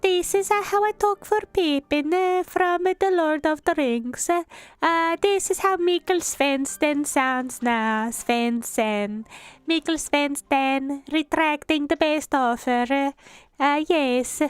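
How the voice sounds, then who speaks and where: A woman putting on a squeaky little mouse voice. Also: takes it slowly, no echo. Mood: chatty. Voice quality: squeaky, chirpy.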